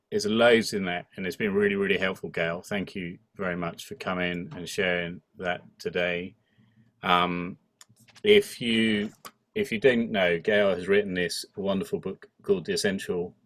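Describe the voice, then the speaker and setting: Guy hosting a church video call, really low voice, chatty and jokey. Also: a bit bright, no room sound. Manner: chatty, with playful asides. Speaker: host of an online church ministry session. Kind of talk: casual chat.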